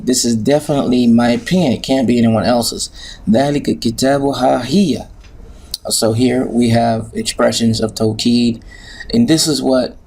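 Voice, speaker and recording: A man's voice: mid-range voice, gravelly, darkish tone. A man teaching an Arabic grammar lesson, patient and hesitant, with many filler sounds.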